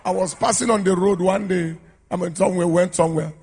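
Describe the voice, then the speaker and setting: A pastor preaching a sermon to a congregation in a declamatory, call-and-response style, urging people to shout amen. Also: male voice, high voice, steady tone, a little fast, vocal fry, slightly rough. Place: church service with a congregation.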